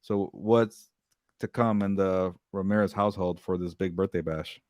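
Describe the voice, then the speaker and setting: A man co-hosting a sports podcast in casual chat, talking quickly with halting restarts and repeated words. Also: low voice, fairly even intonation, darkish tone, no room sound, studio quality. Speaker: podcast co-host.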